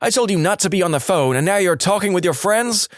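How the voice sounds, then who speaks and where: A man voicing an angry middle-aged mother who yells and scolds her teenage son in a storytime narration. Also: high-pitched, animated, fast talker, no echo, studio quality, pitched above the performer's own voice. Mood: furious. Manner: yelling, scolding.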